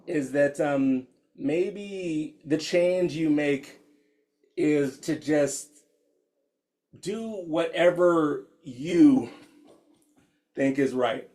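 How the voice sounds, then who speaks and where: Reading attendees' comments over a video call, an American meditation teacher in his 50s talks in a candid, casual way and laughs frequently. His voice is on the high side with a darkish tone.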